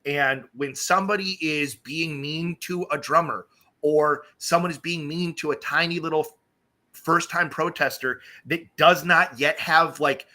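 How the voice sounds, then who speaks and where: A man hosts a casual live-stream chat. His voice is very bright and a little high. He tells stories in an animated way and puts on voices for the people he quotes. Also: a little slow. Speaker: streamer host.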